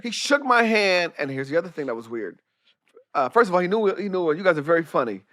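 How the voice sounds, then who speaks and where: A comedian and director telling lively, profane anecdotes in a casual podcast chat, acting out the voices of the people in his stories. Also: sits high, a little fast, no echo, clean studio sound. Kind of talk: animated storytelling in casual chat.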